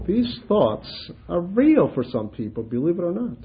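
Animated male preacher telling funny stories. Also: high-pitched, moderate pace, muffled recording, a little hiss or hum. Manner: animated storyteller, laughs at his own anecdotes. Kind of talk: sermon with humorous stories.

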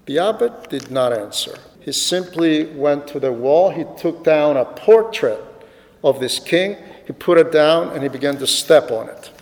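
A man's voice: fairly high pitch, expressive, unhurried, gravelly. Dramatic male preacher in a reverberant hall. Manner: dramatic storytelling, hushed reflective asides. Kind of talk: sermon storytelling.

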